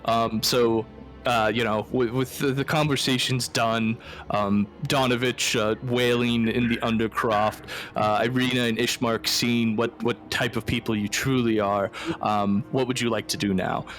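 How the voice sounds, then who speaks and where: A man running a tabletop game as game master, narrating in a casual, halting way with frequent swearing. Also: medium pitch, steady tone, fairly bright tone, soft background music.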